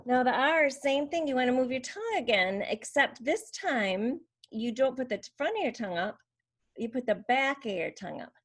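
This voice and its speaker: A woman's voice: sits high, animated, moderate pace, a bit bright. A woman teaching how to make speech sounds, explaining patiently and demonstrating each sound. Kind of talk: slow instructional demonstration.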